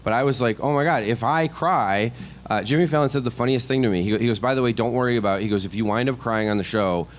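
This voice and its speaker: A middle-aged man, a stand-up comedian, telling a story on a podcast in a casual, animated, self-deprecating way full of asides and restarts. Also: medium pitch, racing, few pauses, slight background noise. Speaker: comedian guest.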